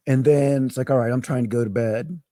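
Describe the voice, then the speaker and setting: A man's voice: medium pitch, steady tone, brisk, mellow, no echo, clean studio sound. A man telling a long, rambling, profane story in a casual podcast chat. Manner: rambling, profane, laughs through his own story.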